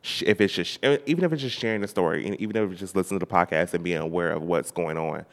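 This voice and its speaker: A man co-hosting a podcast in casual chat, sassy and dramatic, leaping far up in pitch when he mocks someone. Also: fast, long reverb tail. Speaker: podcast co-host.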